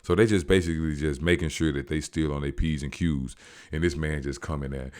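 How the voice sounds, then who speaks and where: Low voiced guy recapping a show, real animated. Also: brisk. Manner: animated, slangy, acts out quotes. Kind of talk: casual storytelling recap.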